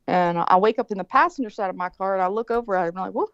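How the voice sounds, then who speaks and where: A woman in her forties rambles through a story with plenty of swearing and animated asides. Her co-host chat comes through a dull, lo-fi line with a dry, close sound. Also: mid-range voice, very fast, smooth, no echo. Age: 40s. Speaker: show producer, co-host.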